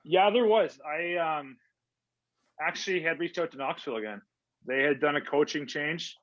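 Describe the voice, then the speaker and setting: Speaking at a moderate pace in a fairly high, somewhat bright voice, this Canadian hockey player guest chats his way through stories, heavy on fillers and quoted back-and-forth exchanges. The interview audio has no echo and sounds dull, dry, and lo-fi.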